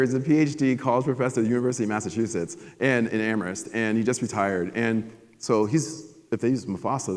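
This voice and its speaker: Man, motivational keynote speaker, animated storytelling, medium pitch, long hall reverb. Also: slight background noise. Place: large conference hall.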